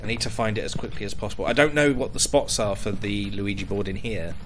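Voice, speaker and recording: A man's voice: on the low side, quick pace, a little hiss or hum. A young man streaming a horror game, muttering to himself, jumpy and swearing often. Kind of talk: casual gaming commentary.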